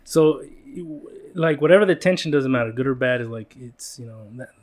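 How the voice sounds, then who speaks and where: A man's voice: mid-range voice, brisk. A man hosting a casual podcast chat, rambling and joking with many fillers and restarts. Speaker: podcast host.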